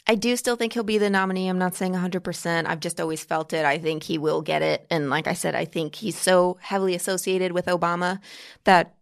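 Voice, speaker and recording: A woman from Long Island with a light local accent talks politics on a podcast in a joking, casual way. Her voice sits a little low and has a gravelly fry to it. She trips over her words and restarts her sentences often. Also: steady tone, fairly quick. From Long Island, New York. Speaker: political commentator guest.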